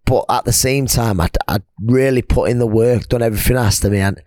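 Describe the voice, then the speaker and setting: A man's voice: fairly quick, a little mellow, dry recording. A man, a retired boxer as a guest, telling stories in a chatty way and putting on the voices of the people he quotes. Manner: chatty storyteller, acts out quoted friends in a higher laughing voice. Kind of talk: casual podcast interview.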